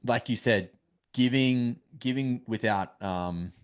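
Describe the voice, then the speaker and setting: A man's voice: mid-range voice, slow pace, smooth. A man hosting a podcast and giving earnest advice in a casual chat. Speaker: podcast host.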